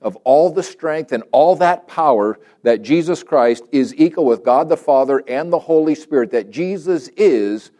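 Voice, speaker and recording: A man leading a church prayer and then preaching, earnest and emphatic, repeating phrases and slowing down on key words. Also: fairly high pitch, mellow. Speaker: pastor. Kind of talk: prayer and sermon.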